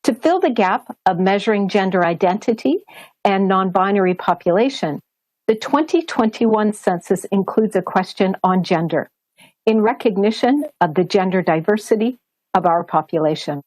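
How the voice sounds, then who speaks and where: A woman with a Canadian accent reading a prepared statement as a government official at a press briefing, in a formal, measured way. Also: medium pitch, expressive, a little mellow, no echo, rough recording. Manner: formal, measured delivery, switching between English and French.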